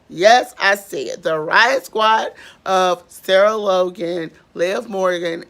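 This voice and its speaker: Woman, young adult, vlogger, slow-talking, gravelly voice, strained, rambling, filler-heavy. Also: fairly low pitch, a bit bright. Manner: chatty, rambling, with many fillers. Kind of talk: casual recap vlog.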